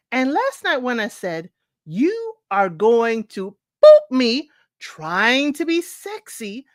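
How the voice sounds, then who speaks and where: A woman's voice: on the high side, dry recording. Exasperated woman host reading online posts. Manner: animated, exasperated, talks straight to listeners. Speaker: advice show host.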